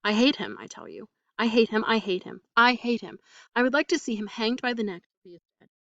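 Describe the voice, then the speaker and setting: A woman reading the part of a cold, composed foreign wife who speaks with clipped, deliberate emphasis. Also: on the high side, vocal fry, no echo, far from the mic, highs cut off. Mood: vehement. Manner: calm, clipped, coldly emphatic. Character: cold, foreign young wife, controlled and bitter.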